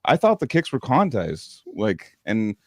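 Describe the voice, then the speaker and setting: A man hosting a podcast, chatting casually in an excitable, rambling way and laughing often. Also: on the low side, measured pace, no room sound, studio quality. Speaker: podcast host. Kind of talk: casual chat.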